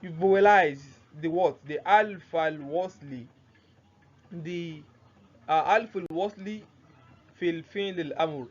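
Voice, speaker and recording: A man teaching Arabic grammar in a classroom-style lesson, who keeps asking "what?" and answers himself, repeating the key terms. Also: a little high. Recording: muffled lo-fi sound, faint noise.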